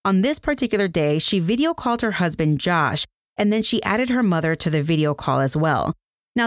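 A woman's voice: lowish voice, no echo, studio quality. A woman hosting a true crime podcast, explaining directly to her listeners. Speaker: podcast host.

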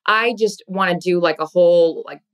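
A woman's voice: fairly low pitch, moderate pace. A woman hosting a podcast in casual chat, talking in a chatty way with many fillers. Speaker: podcast host.

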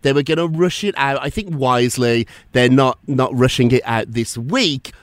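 A man's voice: mid-range voice, normal speed, no echo. A man hosting a celebrity gossip show, chatty and theatrical. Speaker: podcast host.

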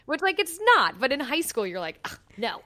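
A young woman co-hosting a podcast, talking casually and warmly about family with many fillers. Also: high-pitched, sing-song, brisk, no echo. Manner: chatty, lots of fillers like "like". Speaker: podcast co-host. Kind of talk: casual chat.

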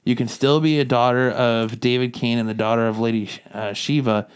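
Brief: male podcast co-host, relaxed chatty plot recap, mid pitch. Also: brisk, smooth. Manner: rambling recap, quotes characters in passing. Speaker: podcast co-host reviewing comics. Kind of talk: casual chat.

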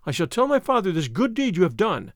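A man voicing an earnest, grateful young noble lady in an audiobook reading, soft and breathy. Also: sits high, sing-song, fast, dry recording, studio quality. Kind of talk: audiobook character voice.

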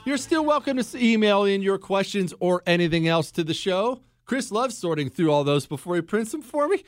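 A male radio host delivers fiery, emphatic commentary and hammers his points home by repeating them. His slightly high voice leaps around in a very lively way. The sound is dry and close on a studio mic. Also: normal speed, no room sound, faint music behind. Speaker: radio talk show host. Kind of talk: talk radio commentary and listener mail.

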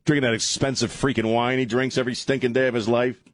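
A man's voice: mid-range voice, level tone, fast talker, no room sound. A man hosting a talk radio show, ranting irreverently and laughing often, on a studio microphone.

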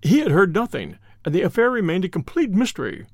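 A man narrating a classic detective story in an expressive reading style, voicing its characters. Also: sits high, quick pace, no room sound, studio quality. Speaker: audiobook narrator.

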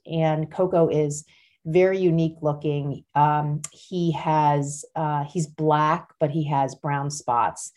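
Low-voiced woman podcast host chatting. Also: fairly even intonation, slow pace. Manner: warm rambling with frequent fillers and restarts. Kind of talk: casual personal chat.

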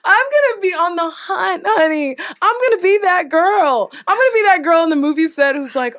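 A woman's voice: very high voice, expressive, moderate pace, hardly any pauses, a bit bright, dry recording, studio quality. A woman co-hosting a casual chat, brash and profane, laughing often. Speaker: podcast co-host.

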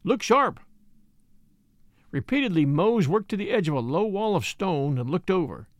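A man narrating a written adventure story aloud in a brisk, expressive storytelling manner. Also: a little high, no room sound. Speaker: audiobook narrator. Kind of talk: scripted narration.

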